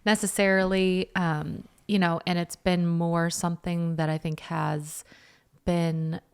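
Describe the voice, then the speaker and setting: A young woman with a somewhat low voice talks in a relaxed podcast chat. She tells her story earnestly and thoughtfully, pausing on filler words as she goes. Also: smooth. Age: young adult. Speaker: podcast co-host, wife. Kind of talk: casual chat.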